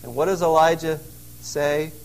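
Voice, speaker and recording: A man delivers a sermon in an earnest, conversational way, leaning into emphasis whenever he quotes. His voice sits a little higher than most men's. He is speaking from inside a cave out in the wilderness. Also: fairly even intonation, measured pace, low-quality recording. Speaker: pastor.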